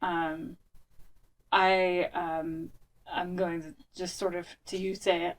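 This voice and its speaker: Slow, hesitant woman player. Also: fairly low pitch, level tone, distant mic, poor audio. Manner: hesitant, soft-spoken. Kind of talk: playing a tabletop game.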